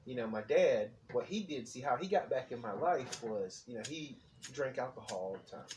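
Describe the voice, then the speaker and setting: A man's voice: mid-range voice, expressive, normal speed, a little mellow. Rambling profane man telling a story, distant mic. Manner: rambling, profane, fillers like "you know what I'm saying". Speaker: podcast co-host. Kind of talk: casual storytelling chat. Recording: distant mic with clear background noise.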